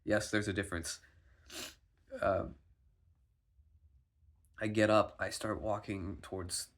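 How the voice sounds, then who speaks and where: A man's voice: on the low side, steady tone, slow pace. A sick man rambling anxiously in a personal video diary, stumbling and restarting often, swearing. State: sick, foggy. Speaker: vlogger.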